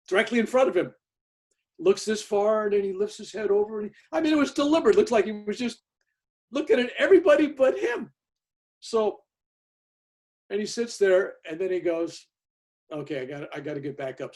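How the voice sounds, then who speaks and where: Animated older male storyteller, fairly high. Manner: animated storyteller, voice rising and falling with the tale. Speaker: reverend telling a story. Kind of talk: casual storytelling on a video call. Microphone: video call.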